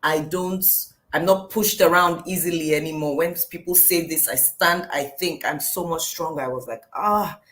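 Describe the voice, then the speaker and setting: A lively woman teaching. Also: deep voice, moderate pace, hardly any pauses. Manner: lively storytelling, acting out quotes with shouts and laughs. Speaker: teacher leading a daily devotional series. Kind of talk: teaching a devotional talk on scripture.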